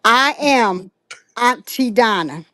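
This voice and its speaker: A woman who joins a livestream for a quick friendly chat, talking briskly before she has to leave. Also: on the high side, lively intonation, bright, forceful tone, no echo, clean studio sound. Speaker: viewer joining the stream. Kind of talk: casual call-in chat.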